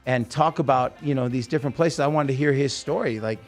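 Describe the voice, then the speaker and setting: A man hosting a podcast, telling stories in a rambling, animated way with lots of restarts. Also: medium pitch, a little fast. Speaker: podcast host. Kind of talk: casual chat, storytelling.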